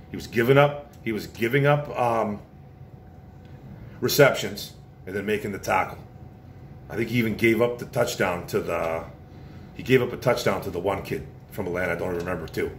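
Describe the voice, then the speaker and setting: A man hosting a casual football commentary show, blunt and opinionated, often repeating his points. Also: fairly low pitch. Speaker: sports podcast host. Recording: roomy echo with faint noise.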